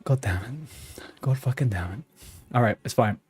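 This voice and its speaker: A man's voice: mid-range voice, moderate pace, a little mellow, husky, soft background music. Man muttering live game commentary. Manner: mutters to himself, swears when frustrated. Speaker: streamer.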